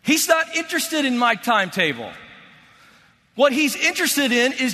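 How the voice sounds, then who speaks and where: High bright male speaker, emphatic faith talk, repeats lines, long hall echo. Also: wildly swooping pitch, moderate pace. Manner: emphatic, repeats key phrases, swings from loud to hushed. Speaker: motivational speaker. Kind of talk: faith-based motivational talk.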